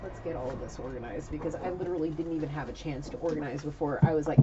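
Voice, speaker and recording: A woman giving a casual spiritual reading, telling what she sees in a chatty, animated way full of fillers. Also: low-pitched, fast talker, muffled recording, a loud crowd. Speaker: tarot reader.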